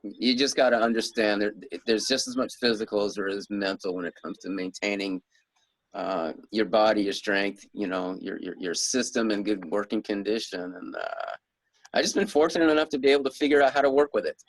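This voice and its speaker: A man's voice: on the low side, brisk, dry recording, rough recording. A middle-aged man being interviewed as an author, rambling in a casual way with frequent chuckles and restarts. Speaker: guest author.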